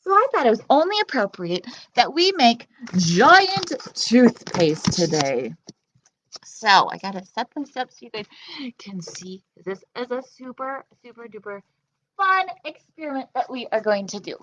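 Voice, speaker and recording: A woman librarian reading a storybook aloud to children and chatting with them in an expressive, animated way. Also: on the high side, unhurried, slight background noise. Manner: animated, expressive, talking directly to kids.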